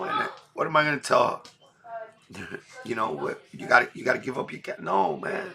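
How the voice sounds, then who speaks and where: A man's voice: medium pitch, sing-song, normal speed, vocal fry, pushed and bright. A middle-aged man talking emotionally on a livestream, blunt and full of street slang. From New York. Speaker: livestream host. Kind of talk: emotional casual livestream talk.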